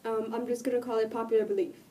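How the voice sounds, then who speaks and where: A woman vlogging while sick, her voice cracking and dropping out, talking earnestly and rambling with many pauses. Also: fairly high pitch, little pitch movement, warm tone, recorded from a distance, slight background noise. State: sick, voice cutting in and out. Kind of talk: casual talk to camera.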